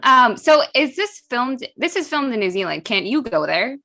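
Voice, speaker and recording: A woman co-hosting a podcast in a casual chat, giggly and animated. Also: on the high side, moderate pace. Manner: giggly, animated, talks over others. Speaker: podcast co-host.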